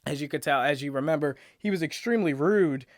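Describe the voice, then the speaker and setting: A man's voice: fairly high pitch, fast, no room sound, studio quality. A man hosting a reaction channel, recapping a TV episode in a casual, rambling way while thinking aloud.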